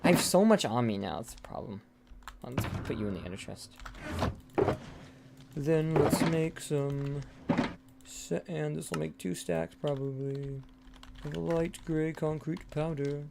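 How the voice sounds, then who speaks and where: A man's voice: fairly high pitch, a little slow, long pauses, background noise. Rambling young man streaming a game. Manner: rambling, swears casually, drifts into whispering. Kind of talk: casual gameplay chat. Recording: clear background typing and clicks.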